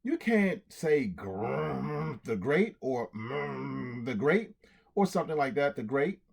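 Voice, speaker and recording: A man voicing an insistent, smooth-talking circus man in a storybook reading. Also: medium pitch, sing-song, takes it slowly, heavily acted. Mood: persuasive.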